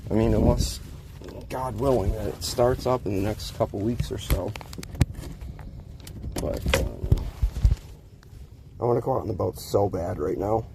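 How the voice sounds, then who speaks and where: A man's voice: fairly low pitch, gravelly. Frustrated man venting over engine noise. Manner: frustrated ranting with laughs. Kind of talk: casual vlog monologue. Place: outdoors near water. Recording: loud engine noise behind.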